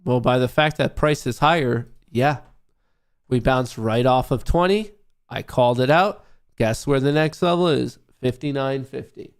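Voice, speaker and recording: A man's voice: mid-range voice, a little slow, clear, resonant tone. Young male livestream host, combative and profane, scornful toward his viewers. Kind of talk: casual livestream rant.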